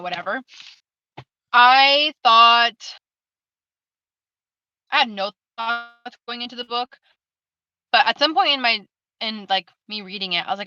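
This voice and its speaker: Woman, higher voice, bright and sharp, blunt casual talker, lo-fi call audio. Book club member. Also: dry recording. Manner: blunt, casual, many fillers and restarts. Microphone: video call.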